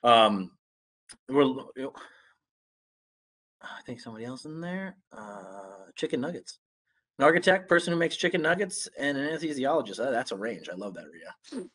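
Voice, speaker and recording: A man's voice: medium pitch, moderate pace, pauses often. A young man with a congested, just-recovering voice gives a casual online talk as a guest speaker, with lots of fillers and restarts. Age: young adult. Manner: relaxed, many fillers and restarts.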